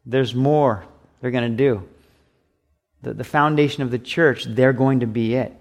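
A man's voice: medium pitch, a little slow. A man preaching a sermon as pastor, emphatic and repetitive, with acted asides.

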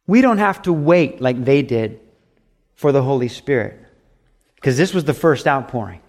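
A man's voice: mid-range voice, expressive, normal speed, a little mellow. A man preaching a sermon as pastor, emphatic and repetitive, with acted asides.

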